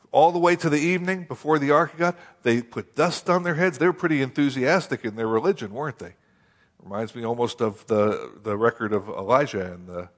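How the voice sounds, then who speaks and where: A man preaching a sermon, telling a scripture story in a folksy, animated way with rhetorical questions. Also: mid-range voice. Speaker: pastor. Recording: long hall reverb.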